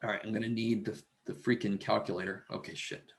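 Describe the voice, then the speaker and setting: A man's voice: fairly low pitch, flat delivery, quick pace, vocal fry, roomy sound. A man teaching a math lecture, talking himself through the arithmetic and muttering curses under his breath. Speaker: math instructor. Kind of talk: recorded classroom lecture.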